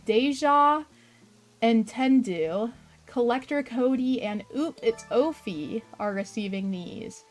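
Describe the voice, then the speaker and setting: A young woman talks through a live game stream in a bubbly, chatty way, greeting viewers by name. Her voice sits a little high. Faint game music plays underneath. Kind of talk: casual live-stream chat while gaming.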